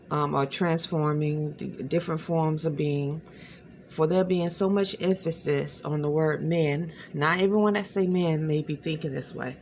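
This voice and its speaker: Woman, gravelly mid-range voice, halting late-night phone vlog with faint noise behind. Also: deep voice. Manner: hesitant, rambling, many fillers. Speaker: vlogger. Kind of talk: late-night personal monologue.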